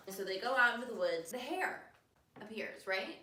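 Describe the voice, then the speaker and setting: A woman's voice: mid-range voice, expressive, moderate pace, pushed and bright, echoey room, distant mic, a little hiss or hum. A woman hosting a casual podcast, recapping a movie in a chatty, sarcastic way and acting out the characters' lines. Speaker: podcast host.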